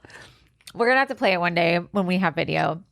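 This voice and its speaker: A woman's voice: on the low side, lively intonation, quick pace, creaky, a bit bright, no room sound, studio quality. Chatty enthusiastic woman podcast co-host. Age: 40s. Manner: chatty, enthusiastic, explains things. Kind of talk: casual chat.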